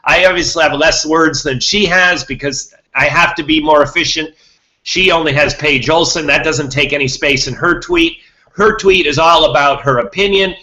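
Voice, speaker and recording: Bright-voiced rambling man. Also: fairly high pitch, normal speed, muffled recording. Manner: rambling, repeats himself, restarts words. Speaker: podcast host. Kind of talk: rambling monologue to listeners.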